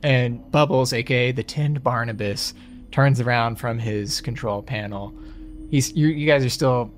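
A man narrating a tabletop game as game master, relaxed and halting. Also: mid-range voice, soft background music.

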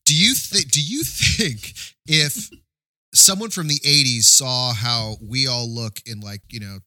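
Male podcast co-host, crude and animated, bright tone, dry close sound. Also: medium pitch, a little slow, no echo. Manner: swears a lot, laughs often, animated. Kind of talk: casual movie-review banter.

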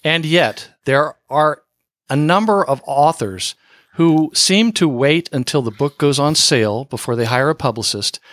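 A man hosts a podcast with a fairly high, very lively voice that swings widely in pitch. He laughs often and slips in self-deprecating asides, recorded dry and close. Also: no room sound. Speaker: podcast host. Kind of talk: podcast interview, asking questions.

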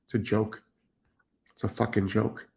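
A man's voice: lowish voice, flat delivery, unhurried, gravelly, darkish tone. A middle-aged man hosting a live stream as a dog trainer, blunt and profane, repeating himself for emphasis as he reads chat comments.

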